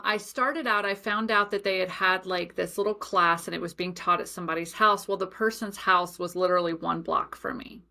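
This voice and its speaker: Chatty woman telling a story. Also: medium pitch. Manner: chatty, animated storytelling with many asides and fillers. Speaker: podcast host. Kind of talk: casual storytelling monologue.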